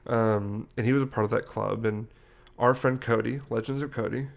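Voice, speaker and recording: A man's voice: medium pitch, steady tone, normal speed, vocal fry. A young man co-hosting a podcast, telling a story in a rambling, self-correcting way. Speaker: podcast host. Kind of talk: casual podcast chat.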